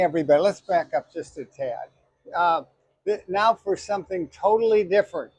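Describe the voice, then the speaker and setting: Casting: higher-pitched male host, husky, halting delivery, dry close sound. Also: a little mellow, dry recording, low-quality recording. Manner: halting, repeats and restarts words. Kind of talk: casual interview.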